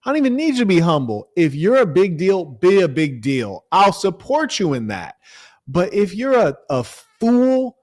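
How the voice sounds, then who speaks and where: A man's voice: sits high, moderate pace, no echo, studio quality. An American man telling a story and ranting on a stream, mocking and acting out the dialogue. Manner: animated, mocking, acts out dialogue. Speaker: livestream host. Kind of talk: casual storytelling rant.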